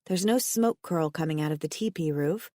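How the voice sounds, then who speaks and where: A woman narrating a romance audiobook in first person, expressive, lifting her voice for the heroine's dialogue. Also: sits low, normal speed, dry recording, clean studio sound.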